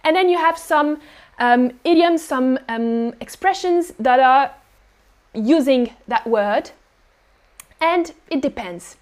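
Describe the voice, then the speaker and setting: French woman with a high voice, native French speaker teaching on a live stream, slow and patient with examples. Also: animated. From France. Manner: explains patiently, repeats examples slowly. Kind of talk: live-streamed language lesson.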